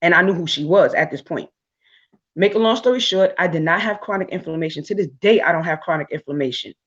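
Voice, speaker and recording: Appearing as a guest on a live talk show, a woman with a lowish voice tells personal stories casually, laughing and staying animated while often restarting and filling pauses. The audio is somewhat dull and lo-fi.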